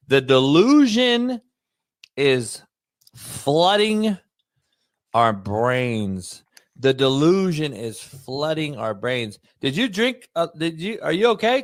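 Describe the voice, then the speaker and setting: A man hosting a sports talk show, telling profane, animated stories in casual chat. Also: mid-range voice, no room sound. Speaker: host.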